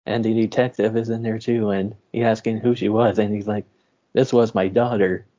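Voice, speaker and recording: A man co-hosting a podcast, recapping a movie plot in a relaxed, giggly way. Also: on the low side, fairly quick, lo-fi sound. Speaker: podcast co-host.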